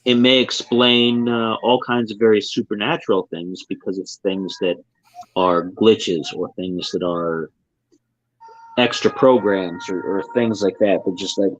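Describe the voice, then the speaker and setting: A man's voice: on the low side, fairly even intonation, measured pace, no room sound, muffled recording. A man co-hosting a podcast in casual chat, rambling with lots of filler words. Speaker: podcast co-host.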